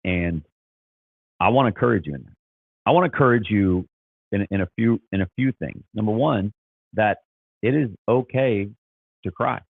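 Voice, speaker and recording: A man's voice: on the low side, normal speed, creaky, long pauses, slightly rough, dry recording, phone-quality sound. A man talking as a Christian life coach, earnest and encouraging, often repeating and restarting his words. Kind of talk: casual motivational talk.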